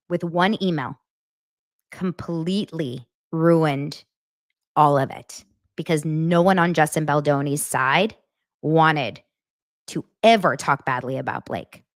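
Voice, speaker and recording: A woman hosting her own show, chatting casually as she reads out text messages and acts out the quoted lines with big jumps in pitch. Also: no room sound, clean studio sound. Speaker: host. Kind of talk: casual commentary reading texts aloud.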